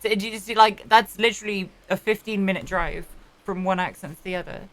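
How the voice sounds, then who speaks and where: A woman's voice: medium pitch, a little fast. A woman from South Wales chatting casually and animatedly while roleplaying, swearing constantly. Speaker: roleplay streamer.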